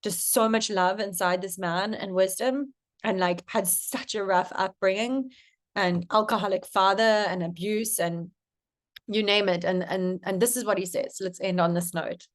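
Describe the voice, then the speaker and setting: A woman's voice: mid-range voice, steady tone, unhurried. A young woman coach giving a casual masterclass to camera, chatty and swearing casually.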